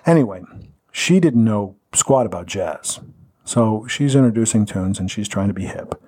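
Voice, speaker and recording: Wisecracking husky-voiced man. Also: on the low side, lively intonation, normal speed, warm tone. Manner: wisecracking, chimes in with jokes. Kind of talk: casual chat.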